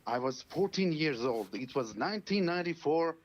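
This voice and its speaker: Caller, man, 40s, slightly high, chatty and giggly, muffled phone sound. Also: lively intonation, normal speed. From Serbia. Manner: chatty, laughing, many uh fillers. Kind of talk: casual phone call chat. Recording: dull lo-fi phone line.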